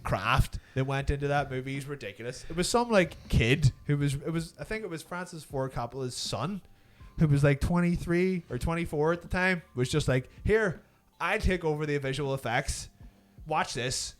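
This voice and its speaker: A man co-hosting a podcast in casual chat, animated and swearing, mocking people with put-on voices. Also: fairly high pitch, fairly quick. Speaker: podcast co-host.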